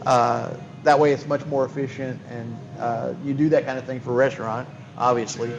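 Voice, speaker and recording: A man's voice: mid-range voice, steady tone, a little fast, creaky, dull audio. A man hosting a casual show from a lounge, telling stories with lots of restarts and enthusiasm. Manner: rambling, enthusiastic storyteller with many restarts. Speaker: host. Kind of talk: casual chat. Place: bar lounge.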